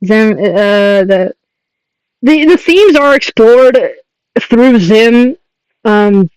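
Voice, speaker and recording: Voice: mid-range voice, lively intonation, drawn-out words, darkish tone, smooth, no room sound, poor audio. A young adult artist chatting casually on a livestream while drawing, rambling, laughing often and swearing.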